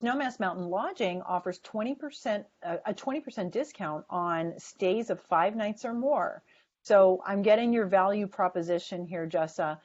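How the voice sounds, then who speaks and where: A woman's voice: mid-range voice, moderate pace, a little mellow. A woman leading a sales training webinar, stressing words in an emphatic coaching tone. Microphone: video call. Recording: dull lo-fi webinar audio.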